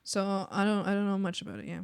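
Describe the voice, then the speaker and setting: A woman's voice: mid-range voice, fast talker, creaky, clear, resonant tone. A young woman streams live and chats casually while she draws. Her American accent sounds like a native English speaker's, though Spanish was her first language. She rambles, restarts her sentences and fills the gaps with "um" and "like.". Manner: rambling, many fillers and restarts. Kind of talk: casual chat while drawing.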